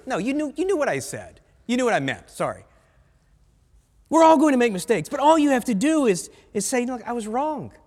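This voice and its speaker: A man's voice: sits high, big-room sound. A male pastor from the United States preaching a sermon bluntly, with conversational asides to his congregation. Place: church sanctuary.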